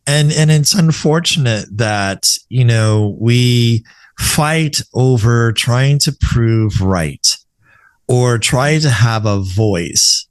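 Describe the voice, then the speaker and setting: A man from Texas hosting a conversational podcast, talking in a measured, reflective way with easygoing fillers. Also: mid-range voice, clean tone, no room sound, clean studio sound. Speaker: podcast host and coach.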